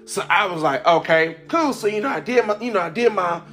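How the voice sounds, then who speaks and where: High-voiced man telling a laughing story. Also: a little fast, soft background music. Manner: animated, laughs often, acts out quoted voices. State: congested from sinuses. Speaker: podcast host. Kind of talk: casual storytelling monologue.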